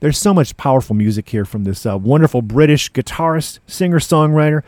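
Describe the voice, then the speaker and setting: A man's voice: fairly high pitch, a little fast, a little mellow, dry recording. A man hosting a music show as DJ, chatting casually between records in laid-back hipster slang. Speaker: radio DJ and podcast host.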